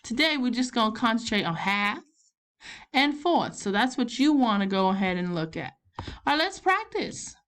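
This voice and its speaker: A woman with a Southern US accent, playing a chatty grandmother who fills in as teacher, talking students through a math lesson step by step. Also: high-pitched. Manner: folksy, encouraging, talks students through each step.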